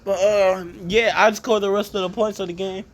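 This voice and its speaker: High-voiced young man telling a story. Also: moderate pace. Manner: excitable, laughs often, acts out quotes. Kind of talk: casual imaginative chat.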